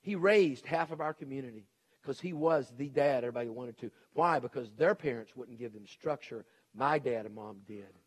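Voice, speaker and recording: A man's voice: mid-range voice, moderate pace. A middle-aged man preaching a sermon in an emphatic, folksy way, hammering home his point and acting out the people he quotes. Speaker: preacher and educator.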